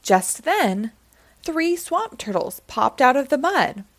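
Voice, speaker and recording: A woman reading a children's picture book aloud, gentle and expressive. Her pace is slow and her pitch rides up and down in a lively way. The sound is dry and close. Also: no echo. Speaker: storyteller.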